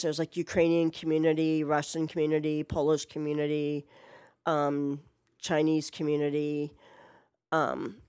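Middle-aged woman vlogger, lowish voice, loose profane rambling, dry close mic. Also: a little mellow, no room sound. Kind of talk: casual response video chat. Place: home, Portland.

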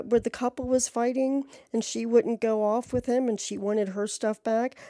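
A woman's voice: fairly high pitch, warm tone, no echo. A woman telling a rambling story in a chatty, profane way, full of asides and fillers. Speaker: podcast storyteller. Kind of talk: casual storytelling monologue.

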